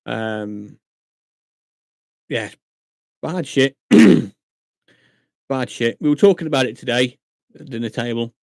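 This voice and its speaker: A man's voice: medium pitch, slow pace, vocal fry, pauses often, dry recording, clean studio sound. Chatty man live-streaming. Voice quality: chatty, animated storytelling with acted-out quotes. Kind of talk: casual live-stream chat. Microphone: desk mic at a computer monitor.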